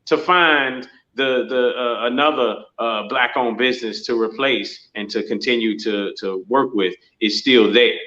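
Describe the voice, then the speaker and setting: A man's voice: medium pitch, a little slow, hardly any pauses, bright, forceful tone. A man co-hosting a talk show who talks emphatically and repeats himself to make a point. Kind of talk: casual talk show discussion. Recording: roomy, dull sound.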